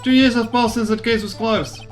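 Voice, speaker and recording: Female streamer reading as a brooding young cop, fake cowboy drawl, lowered voice, game music faintly behind. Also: fairly even intonation, normal speed, lightly acted.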